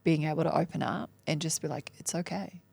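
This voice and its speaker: A woman's voice: deep voice, steady tone, quick pace, creaky, a little mellow, slightly rough, no echo. A woman speaking candidly as a coaching client on a podcast, frank and self-deprecating, swearing casually and laughing often. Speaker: coaching client, mom and entrepreneur.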